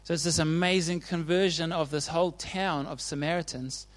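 Casual male preacher, slightly high voice, chatty, keeps asking the room "right?". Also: fairly even intonation, moderate pace. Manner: chatty and informal, often checks in with the audience. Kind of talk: casual sermon retelling Bible stories.

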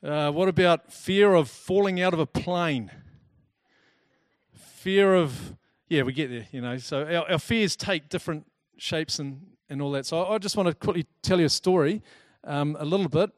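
A man giving a talk to a live audience, lively and chatty, telling personal stories and acting out the people in them. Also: fairly high pitch, moderate pace, no echo, studio quality. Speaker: speaker presenting to a group.

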